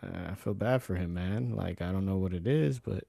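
A young man co-hosting a casual sports podcast, speaking softly and haltingly with a wry edge. His voice is low and gravelly. The recording is dry and close. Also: no echo. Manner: soft-spoken, halting, wry. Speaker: podcast co-host.

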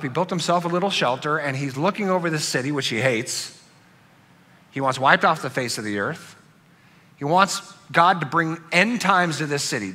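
A man preaching a sermon to a congregation, animated, acting out angry outbursts as he tells a story. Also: fairly high pitch. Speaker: pastor.

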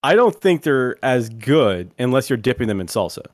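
A man's voice: mid-range voice, very animated, moderate pace, crowd noise. A man hosting a casual podcast chat, steering the segment and calling on his co-hosts by name. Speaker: podcast host.

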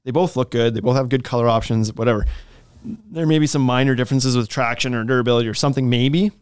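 A man talks shop in a relaxed podcast chat, laughing often and cutting sentences off as he thinks. His voice sits in a mid range. It is recorded dry, with no room sound. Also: medium pitch, fast, clean tone, no room sound. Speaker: deck shop co-host.

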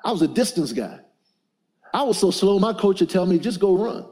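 A man's voice: high-pitched, big pitch swings, fairly quick, a little mellow. A middle-aged man preaching to a men's gathering, leading call-and-response and telling stories with emphasis. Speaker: motivational speaker.

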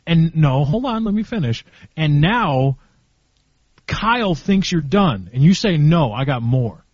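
A man's voice: fairly high pitch, expressive, measured pace, a little mellow, husky, dry recording, dull audio. A man in an earnest group conversation, giving a friend blunt advice and restarting his sentences as he makes his point. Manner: blunt, repeats and restarts while making a point.

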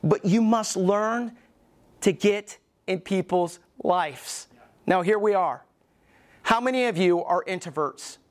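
A middle-aged man preaching a sermon as pastor in a church, emphatic, with pauses, and acting out the voices he quotes. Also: high-pitched. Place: church sanctuary.

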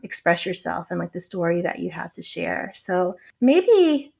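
A woman astrologer explaining a chart in casual chat, talking loosely with constant "like" fillers and quick giggles. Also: lowish voice, sing-song, gravelly, a little mellow. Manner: chatty, heavy use of "like", giggly. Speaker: astrologer guest.

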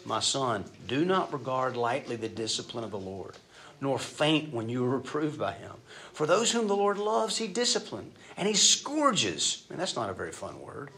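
A middle-aged man preaching a sermon, telling stories and shifting between loud emphatic bursts and soft asides. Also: mid-range voice, creaky. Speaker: pastor.

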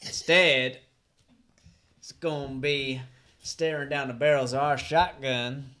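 A man's voice: mid-range voice, fairly even intonation, takes it slowly, bright, forceful tone. A man voicing a menacing male outlaw killer in a casual scene read-through, mocking and threatening. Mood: taunting.

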